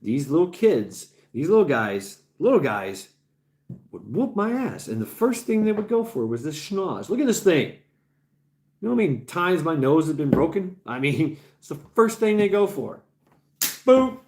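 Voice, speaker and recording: A man's voice: on the high side, very animated, moderate pace, a little mellow. A man in his forties chatting on a livestream as its host, rambling, swearing freely, laughing often and repeating himself, tired after hours on air. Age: 40s. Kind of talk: casual livestream chat.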